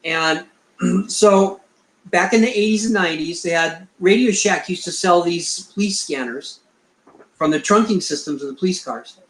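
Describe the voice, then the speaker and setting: Here a middle-aged man is interviewed as a Bigfoot researcher, his high voice fairly bright and paced at a normal speed. He rambles through a tale, acting out each quoted exchange, with echo from the room around him.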